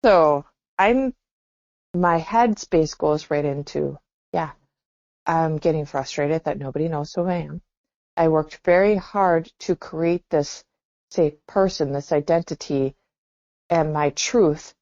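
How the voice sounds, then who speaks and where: In casual podcast conversation, this female co-host is reflective and frequently exclaims and laughs. She speaks slowly in a low-pitched, darkish voice. The dry lo-fi recording sounds dull and echo-free.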